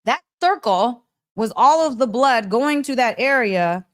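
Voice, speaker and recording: A woman hosting a podcast, telling a story in an excitable, emphatic way, repeating phrases and laughing often. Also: a little high, unhurried. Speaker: podcast host. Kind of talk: animated storytelling monologue.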